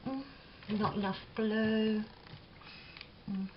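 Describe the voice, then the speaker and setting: A woman with a Cockney accent talks slowly and loosely while she works on a craft at her kitchen table, filling her sentences with "like". The sound is a little dull, with a faint hiss behind her. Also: mid-range voice. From England. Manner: rambling and chatty, lots of "like" fillers, laughs often. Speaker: craft vlogger. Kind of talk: chatty crafting vlog, reminiscing while working.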